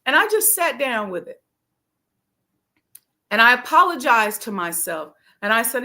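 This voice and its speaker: A middle-aged woman tells a personal story in a relaxed, conversational way, acting out her own inner voice. Her voice is bright and sits a little high, and fillers run all through her talk. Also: moderate pace, long pauses. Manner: casual, conversational with frequent fillers. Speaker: host, life coach. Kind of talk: storytelling monologue.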